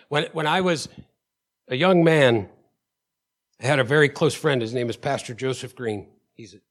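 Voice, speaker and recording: A male pastor preaching in a middle-pitched voice and telling stories from his own life. He leans hard on key words, calls out to the congregation for agreement and stumbles over repeated words as he builds momentum. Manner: emphatic, with call-outs to the congregation; storytelling, stammers and repeats words. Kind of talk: sermon.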